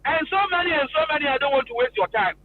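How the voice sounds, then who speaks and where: A man's voice: very high voice, lively intonation, fast talker. A Ghanaian man hosting a radio talk show, lecturing emphatically and switching between English and Twi. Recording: tinny phone-like line with faint noise.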